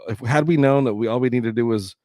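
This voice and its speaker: A man's voice: mid-range voice, fast talker, dark tone, no echo, clean studio sound. A man hosting a live stream in casual chat, joking and teasing his co-host.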